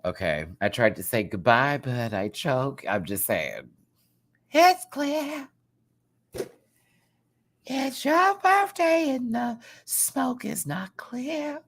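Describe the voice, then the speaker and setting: A woman putting on a high, breathy, drawn-out voice in a dazed impression of a female singer. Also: wildly swooping pitch, a little hiss or hum, heavily acted. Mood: dreamy.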